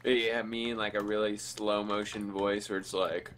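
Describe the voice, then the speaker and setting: A man's voice: lowish voice, little pitch movement, normal speed, fairly bright tone, slight background noise. A man casually chatting with a teammate during a multiplayer game, laid-back and joking. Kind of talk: casual gaming chat.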